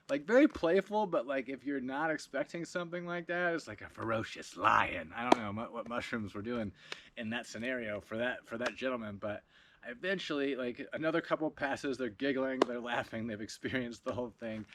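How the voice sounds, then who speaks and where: An animated man telling a story in a casual video log. He laughs often and swears freely as he talks. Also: mid-range voice, normal speed, very noisy. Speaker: video blogger.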